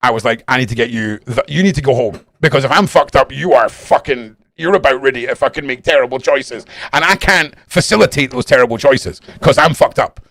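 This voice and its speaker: A Scottish man hosting a live stream, chatting casually with his viewers in a blunt, animated way and swearing constantly. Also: medium pitch, fairly quick, hardly any pauses, no room sound, studio quality. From Scotland. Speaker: live-stream host reading chat. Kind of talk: casual rambling chat.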